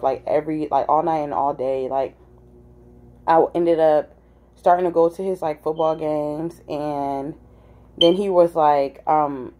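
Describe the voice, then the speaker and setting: Brief: young woman, casual storyteller, slightly low, mellow tone, chatty with filler words. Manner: animated, acts out quoted voices, many "like" fillers.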